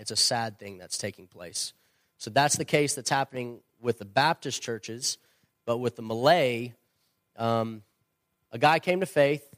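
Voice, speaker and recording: A man's voice: medium pitch, fairly bright tone, no echo, studio quality. A man who is a missionary and former pastor, answering a question at church in an earnest, emphatic and opinionated way.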